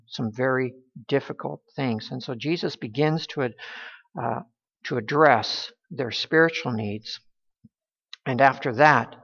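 Gravelly man preaching in a hall. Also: mid-range voice, a bit bright. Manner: halting, many restarts and fillers. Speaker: pastor. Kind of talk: sermon. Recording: dull sound with long hall reverb.

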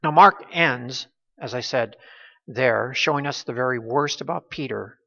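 A man preaching an expository Bible sermon, earnest and emphatic, with frequent filler pauses. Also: mid-range voice, creaky, pushed and bright, lo-fi sound.

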